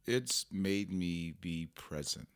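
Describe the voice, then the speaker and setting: A man's voice: low voice, takes it slowly, clean tone, no room sound. A man guest on a parenting podcast, telling family stories and acting out exchanges with animation. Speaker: podcast guest, personal trainer and father. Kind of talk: conversational podcast interview.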